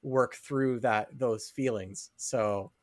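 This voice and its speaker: A man's voice: mid-range voice, fairly even intonation, slow, no room sound, studio quality. A man co-hosting a podcast in casual chat, earnest, stumbling over his first words. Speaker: podcast co-host.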